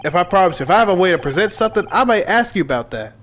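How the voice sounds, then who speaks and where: A man's voice: sits high, lively intonation, rapid-fire, fairly bright tone. A man streaming a game, talking casually in rambling, self-correcting asides between dialogue. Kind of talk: gameplay commentary while reading dialogue.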